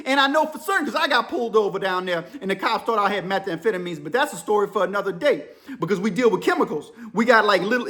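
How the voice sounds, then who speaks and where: A man host telling a story in a casual, animated way. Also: extremely high pitch. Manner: animated, quick shifts between narration and voices.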